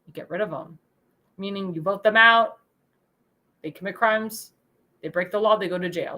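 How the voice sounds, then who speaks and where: A woman's voice: mid-range voice, normal speed, long pauses, sharp tone. A woman hosting a political commentary show, speaking in an indignant, emphatic way and repeating phrases for emphasis. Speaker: host.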